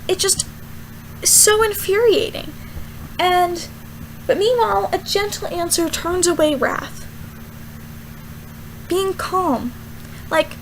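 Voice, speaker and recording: A young woman, a student, rambling casually through a Bible verse vlog with lots of fillers and animated asides. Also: very high-pitched, a little hiss or hum, low-quality recording. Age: young adult. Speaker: student vlogger.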